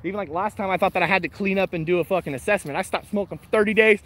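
His high, slightly bright voice races along with hardly any pauses as the dog-walking vlogger rattles through live comments. He's profane, blunt, and relaxed, laughing a lot during his casual morning ramble.

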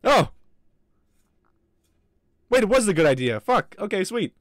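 A man's voice: high-pitched, big pitch swings, measured pace, no room sound, studio quality. A man streaming a horror game, talking to his chat in a jittery way and swearing often. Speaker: gaming streamer. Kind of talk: live gameplay commentary.

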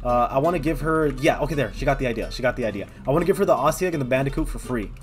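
A young man giving excitable, casual commentary on his own gameplay, thinking aloud and talking straight to his viewers. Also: medium pitch, very fast, soft background music. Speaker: gaming video host.

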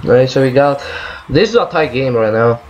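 A man's voice: medium pitch, animated, normal speed, darkish tone, slight background noise, rough recording. A man giving angry gameplay commentary, swearing and ranting about lag as he plays. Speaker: gaming video creator.

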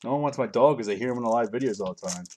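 A man's voice: medium pitch, rapid-fire, noisy background. Chatty man calling out trading cards. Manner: rambling and chatty, calling out cards as he opens packs. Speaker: card break host. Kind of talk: casual live-stream commentary.

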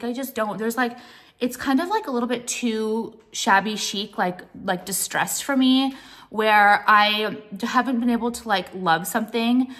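A woman's voice: on the high side, fairly bright tone. A young American woman showing her purchases in a casual vlog, rambling and filling her talk with "like" and the odd swear word. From United States. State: pregnant. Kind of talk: casual show-and-tell chat.

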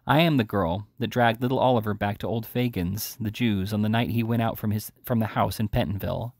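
A man's voice: lowish voice, fairly even intonation, fairly quick, vocal fry, dry recording, clean studio sound. A man voicing a desperate, ashamed young woman thief, pleading and urgent.

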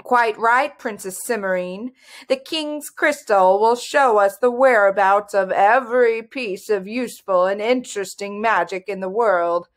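A woman's voice: medium pitch, a little slow, close to an everyday voice. Woman voicing a young male wizard, pompous, theatrical, haughty, storybook. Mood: smug. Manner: haughty, superior, rising to shrieks.

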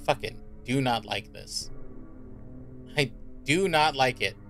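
A man's voice: medium pitch, slow pace, a bit bright, soft background music. A man streaming a horror game in casual commentary, reacting jumpily and swearing often. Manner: jumpy, reactive and profane, with repeated worried remarks.

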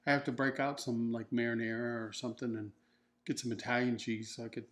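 A man's voice: medium pitch, flat delivery, fast talker, a bit bright. Joking man chatting casually. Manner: joking, rambling, playful. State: nursing a broken ankle. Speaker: co-host of a couple's keto vlog. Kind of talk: casual chat.

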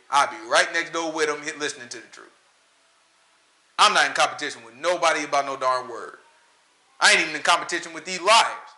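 A man preaching a casual, conversational sermon, animated and talking straight to his listeners. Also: fairly high pitch. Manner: animated, talks straight to listeners, often asks "you know what I'm saying?". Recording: roomy echo.

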